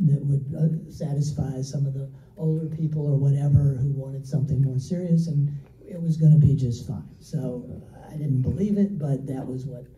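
An older man, a screenwriter, tells lively anecdotes at a film Q&A and laughs easily. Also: a little high, narrow, tinny audio. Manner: animated storyteller who laughs easily. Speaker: screenwriter, panel guest. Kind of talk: storytelling Q&A anecdote. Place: movie theater stage. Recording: echoey theater, mic far off.

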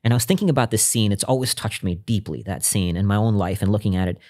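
Low-voiced man, earnest podcast guest. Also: fast talker, darkish tone. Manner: earnest and reflective, with frequent restarts. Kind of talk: reflective interview storytelling.

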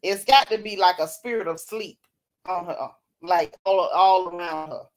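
A woman's voice: fairly low pitch, normal speed. A woman hosting a casual chat, reading out comments from viewers and laughing often. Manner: animated, laughing, Southern-style slang. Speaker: host.

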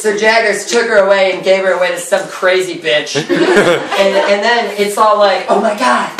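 A young storyteller mocks a stage play in a sarcastic, giggling rush, tossing off put-on quotes. The voice sits mid-pitch in an echoey room, caught from a distance by a phone or camera. Loud party noise runs underneath. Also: normal speed. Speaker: cast member retelling a play. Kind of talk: comic retelling at a party. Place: indoor cast party. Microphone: phone or camera across the room.

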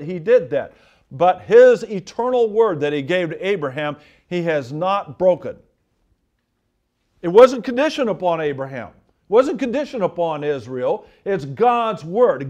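A man preaching a sermon, reading scripture aloud and stressing key words again and again. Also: a little high. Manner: emphatic, repeats and stresses words; reads scripture and quotations aloud.

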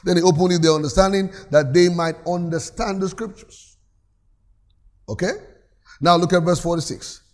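A man's voice: high voice, moderate pace, pauses often, a little mellow. Preaching man with a raised voice. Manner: preaches with call-and-response, reads scripture aloud. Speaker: pastor. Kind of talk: sermon. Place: church.

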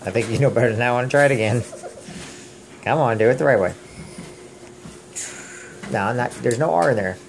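A man's voice: medium pitch, brisk, vocal fry, pauses often, a little hiss or hum. A man, the father, patiently coaching his young daughter through reading words at home, sounding out letters and encouraging her again and again. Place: family home.

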